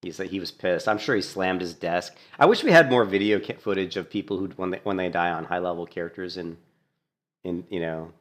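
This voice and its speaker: A man casually commentating on a gameplay clip, animated and mocking, laughing often. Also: low voice, fairly quick. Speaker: gaming streamer.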